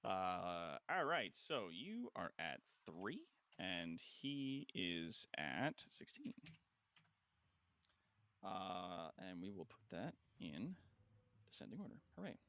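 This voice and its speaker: Male game master, playful and chatty, lively pitch, unhurried pace. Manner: laughing, filler-heavy, playful. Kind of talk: casual tabletop game narration.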